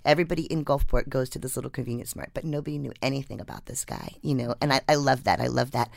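A woman writer chatting about her work and reading her story aloud, an animated storyteller who acts out quotes. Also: very deep voice, fast, creaky, no echo, clean studio sound. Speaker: writer and guest.

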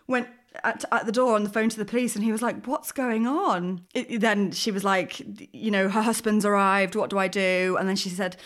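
A woman co-hosting a podcast, telling a story in a rambling, animated way full of fillers. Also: medium pitch, moderate pace, few pauses. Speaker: podcast co-host. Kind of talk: casual chat, storytelling.

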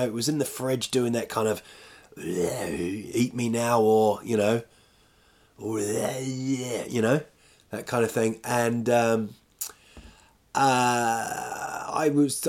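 Chatty self-deprecating man rambling at home. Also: mid-range voice. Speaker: vlogger. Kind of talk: casual rambling monologue.

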